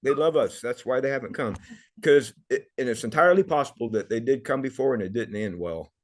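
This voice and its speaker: Middle-aged male guest, earnest and emotional, mid-pitched, stumbles and repeats himself. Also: a little fast. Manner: earnest, repeats words often, gets emotional. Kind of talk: emotional personal storytelling.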